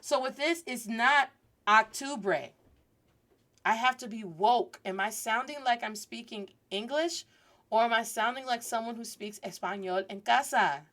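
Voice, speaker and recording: Woman, 30s, podcast language teacher, chatty, lively, slightly high voice. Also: normal speed. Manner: lively, chatty, drops into Spanish phrases. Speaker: host and Spanish teacher. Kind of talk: casual podcast lesson.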